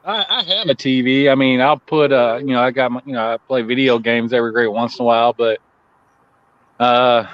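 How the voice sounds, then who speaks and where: A laid-back man co-hosts a livestream coin auction, chatting casually, laughing often and greeting viewers in the chat. His mid-range voice moves fairly quickly, captured in slightly dull lo-fi stream audio.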